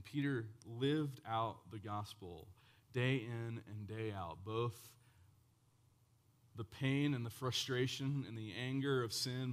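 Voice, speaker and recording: A medium-pitched man preaches a sermon as a pastor, swinging passionately from loud exclamations to hushed, solemn passages, with casual conversational asides mixed in.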